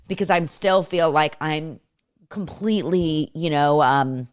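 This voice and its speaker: A woman's voice: low voice, normal speed. A woman podcast host in her thirties, talking casually and rambling with many fillers. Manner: rambling, lots of fillers like "you know". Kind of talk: casual conversational interview.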